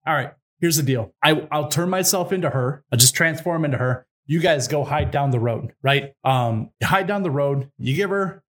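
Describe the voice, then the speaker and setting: A weary grey wolf who keeps bailing out his hopeless companion, as a man puts him on. He barks orders in loose, slangy phrasing and sounds fed up more than fierce. The voice sits slightly high and bright. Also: normal speed, hardly any pauses, lightly acted. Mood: bossy. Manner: exasperated, bossy, casual modern slang. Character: grumbling male grey wolf helper.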